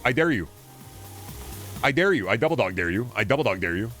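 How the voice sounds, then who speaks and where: A man's voice: medium pitch, very animated, fairly quick, fairly bright tone, faint music behind. Rambling, profane male streamer. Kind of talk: casual chat while streaming a game.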